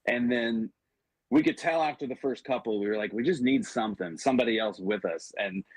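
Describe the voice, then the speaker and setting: A man's voice: mid-range voice, fairly quick, breathy edge, no echo. A man guesting on a radio show, talking in a laid-back, rambling way with hesitations. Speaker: guest podcaster. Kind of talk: casual radio chat.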